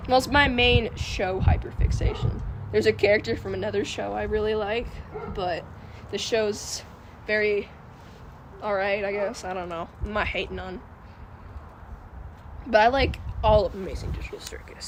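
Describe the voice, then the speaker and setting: A woman of middle pitch hosting a casual livestream, giggling often and rambling from one thought to the next as she talks to her viewers. Wind and passing cars come through clearly on the noisy stream audio. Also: normal speed, pauses often. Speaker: livestream host.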